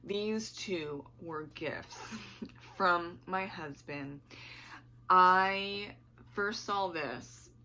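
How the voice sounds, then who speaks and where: A woman's voice: lowish voice, very slow, pushed and bright. A woman book vlogger chatting casually to camera at home, rambling and laughing often, her voice slightly worn.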